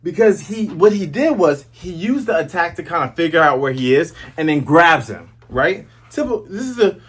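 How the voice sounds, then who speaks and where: A man hosting a casual, jokey comic chapter review, recapping scenes with excited asides. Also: on the high side, normal speed, breathy edge. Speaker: host.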